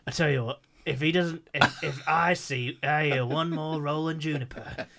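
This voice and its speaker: A man's voice: a little high, steady tone, normal speed, vocal fry, bright, forceful tone, slight background noise. A man voicing a grumbling, nagging mum.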